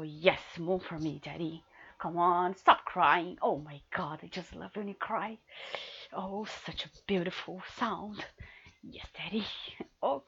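Woman, adult audio role-play, teasing and bossy, unhurried delivery, dull lo-fi sound. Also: lowish voice, breathy edge. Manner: teasing and commanding; swings between hushed murmurs and loud outbursts.

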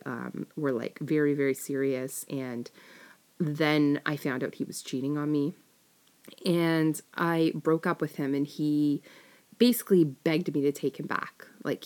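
Woman, low voice, casual confessional storytelling, rambling, lots of fillers, corrects herself. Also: a little mellow. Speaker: storyteller sharing a personal experience.

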